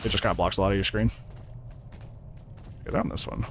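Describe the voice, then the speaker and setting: A man's voice: on the low side, fairly even intonation, fairly quick, background noise. A man streaming a game live, chatting casually with his viewers and reacting to the match as it plays. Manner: chatty, reacts and laughs often, greets chat. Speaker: gaming streamer. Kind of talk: live gameplay commentary.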